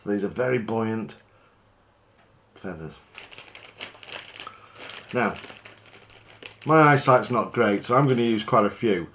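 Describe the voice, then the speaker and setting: A man's voice: lowish voice, slow, long pauses, a little hiss or hum. Chatty man tying a fly. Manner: chatty, relaxed, self-deprecating. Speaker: fly fishing guide.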